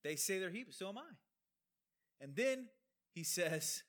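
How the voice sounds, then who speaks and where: A man's voice: high-pitched, big pitch swings, unhurried, pauses often, a bit bright. A man preaching an expository sermon, explaining a Bible passage with emphatic rhetorical questions and conversational asides.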